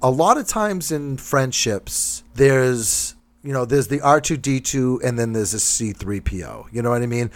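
On a podcast, a man from Massachusetts casually tells a funny story, acting out other people's lines and laughing often. His voice is mid-range, a little slow, with few pauses, and his anecdotes are animated.

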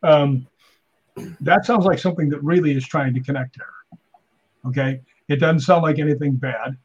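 Middle-aged guy telling wild stories, husky voice, kinda muffled lo-fi audio. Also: on the high side, moderate pace. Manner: animated joke-telling, acts out voices in stories. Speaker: podcast guest, stuntman and paranormal investigator. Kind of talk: casual storytelling chat.

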